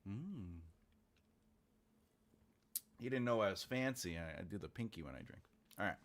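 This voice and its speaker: This author streams a writing session, chatting with viewers, thinking aloud and muttering while he types an outline for his book. He has a fairly low, expressive voice with a fairly bright tone and a moderate pace.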